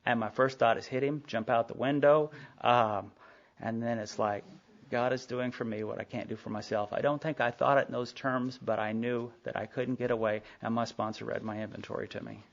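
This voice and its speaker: Gravelly middle-aged man telling his story. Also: mid-range voice, steady tone, normal speed. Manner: candid storytelling with frequent asides and acted-out dialogue. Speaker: recovery meeting speaker. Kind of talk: personal recovery story told to a group. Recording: dull lo-fi tape of a live meeting talk.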